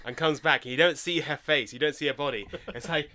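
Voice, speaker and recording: A man co-hosting a podcast, lively and eager in casual chat. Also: a little high, brisk. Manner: lively, eager, laughs often. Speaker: podcast co-host. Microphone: close podcast mic.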